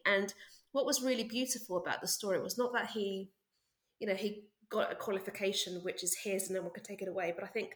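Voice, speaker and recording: A woman teacher telling stories in an interview, lively and quick to act out what she said back then. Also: medium pitch, echoey room. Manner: lively, acts out her own past remarks with bursts of excitement. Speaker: art teacher and interview guest. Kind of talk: animated storytelling in an interview.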